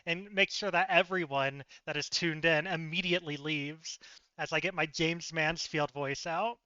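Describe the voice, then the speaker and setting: Giggly, self-deprecating tabletop player, a man with a high, very bright voice, dry and slightly lo-fi. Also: fairly even intonation, normal speed, clear, resonant tone, no room sound. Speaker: solo campaign player. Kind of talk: casual live-stream tabletop chat.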